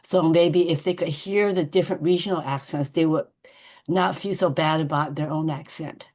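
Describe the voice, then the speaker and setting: A woman tutor makes a comment over a video call in a casual group discussion. Her voice sits on the lower side, and she speaks in a measured, thoughtful way. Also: fairly even intonation, darkish tone. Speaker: volunteer literacy tutor.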